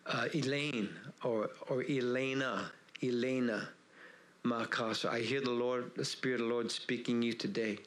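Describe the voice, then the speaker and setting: Man, prophetic preaching, first-person words from God, halting repeated words, forceful delivery. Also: mid-range voice, fairly even intonation. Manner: speaks as God in the first person, phrase by phrase with pauses; breaks into speaking in tongues.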